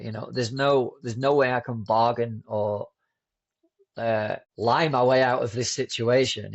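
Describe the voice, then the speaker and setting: A man's voice: medium pitch, vocal fry, dull audio. A man telling his own story as a podcast guest in an informal, candid way, full of restarts and fillers. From Britain.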